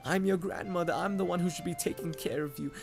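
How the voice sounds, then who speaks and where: A gentle, fretful old granny, as a man puts her on speaks in a slow, soft, doting voice that sits well above his own, with game music playing underneath. Recorded on a condenser mic. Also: sits high, creaky, voice pushed up. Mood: tender, remorseful. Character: kind, fretful old grandmother.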